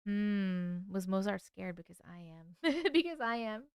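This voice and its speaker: A woman's voice: mid-range voice, very animated, a little slow, clean tone, no room sound, clean studio sound. A woman hosting a late-night livestream, chatting sleepily with her viewers, swearing and yawning as she reacts to their stories. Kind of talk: casual livestream chat.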